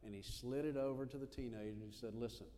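A man preaching a sermon, telling a story in a lively, animated way with little asides. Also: mid-range voice, fast, long reverb tail. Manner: animated storyteller, acts out voices in quotes.

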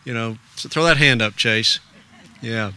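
An older man, a pastor, preaching an earnest sermon in a storytelling way. He drops to soft hushes, then rises with stirring emphasis. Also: medium pitch, measured pace, a little hiss or hum.

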